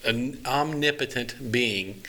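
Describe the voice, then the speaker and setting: A man co-hosting a relaxed podcast, running through entertainment news with wry jokes. His voice is mid-pitched and very bright, with a crisp forward edge. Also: slow pace, a little hiss or hum. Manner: joking, explains news with small laughs. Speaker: podcast co-host. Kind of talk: casual chat.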